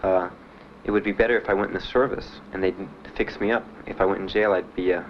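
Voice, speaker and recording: A young man giving halting, plain spoken testimony as a war veteran, with many pauses and fillers. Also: sits low, steady tone. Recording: muffled 1970s archive recording with faint hiss.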